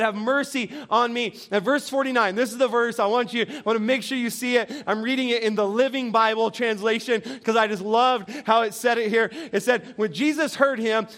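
A male pastor delivers a sermon in church with an unusually high voice. He speaks earnestly, repeating his key phrases for emphasis and now and then laughing at his own lines. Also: a bit bright.

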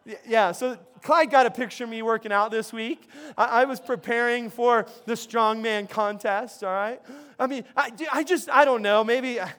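A man's voice: very high-pitched, moderate pace, a bit bright. A man preaching a sermon as pastor in a conversational way, often repeating words as he restarts his sentences. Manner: conversational, frequent word repetitions and restarts.

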